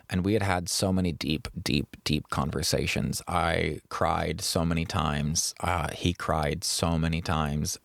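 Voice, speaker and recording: A deep-voiced man with a gravelly fry tells a personal story on his podcast. He speaks earnestly and reflectively, stretching out the words that matter. The sound is dry and close. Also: steady tone, unhurried, hardly any pauses, no echo. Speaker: podcast host.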